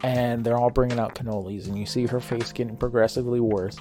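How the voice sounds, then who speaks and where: A man's voice: mid-range voice, steady tone, fast talker, mellow, faint music behind. A young man co-hosting a podcast, telling a story in casual, profane chat and often breaking into laughter. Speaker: podcast co-host. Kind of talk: casual chat, retelling a show with acted quotes.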